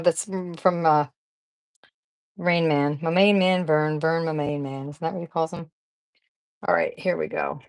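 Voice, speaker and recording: A craft channel host leads a casual live chat, her voice on the low side and the recording dry. She rambles and chats while fiddling with and sorting supplies, laughing often and greeting viewers by name.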